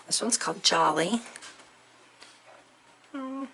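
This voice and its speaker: A woman chatting through an unboxing, gushing softly and at times dropping to a near whisper. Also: mid-range voice, lively intonation, takes it slowly, vocal fry, long pauses, noisy background. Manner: gushing, soft-spoken, often near a whisper. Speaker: crafting vlogger. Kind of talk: unboxing chat.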